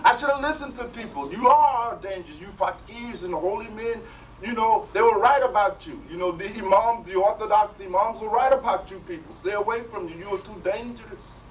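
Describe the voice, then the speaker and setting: A man's voice: high-pitched, brisk, distant mic, slight background noise, voice pushed up, close to an everyday voice, rough recording. A man playing an outraged, shaken seeker. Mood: indignant. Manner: outraged, accusing outburst. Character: frightened, indignant male spiritual seeker.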